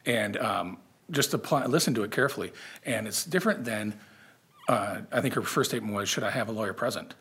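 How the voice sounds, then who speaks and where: A man argues a case before appellate judges, earnest and a little halting, often repeating himself mid-sentence. His voice sits somewhat low and has a husky edge. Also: a bit bright. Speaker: state's attorney. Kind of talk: appellate oral argument.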